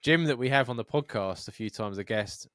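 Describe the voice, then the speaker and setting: A man in casual podcast chat who tells long, rambling, sweary stories and slips into the voices of the people in them. His pitch sits in the middle for a man. The sound is dry and close, with no room around him. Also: a little fast, fairly bright tone, dry recording. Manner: sweary, rambling storytelling with acted-out quotes. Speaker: podcast co-host.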